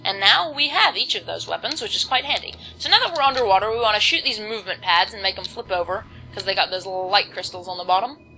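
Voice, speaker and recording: Teen girl, let's-play commentator, bright tone, chatty and rambling, faint music behind. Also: mid-range voice, expressive, quick pace, vocal fry, rough recording. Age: teens. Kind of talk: casual gameplay commentary. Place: home, volume kept low.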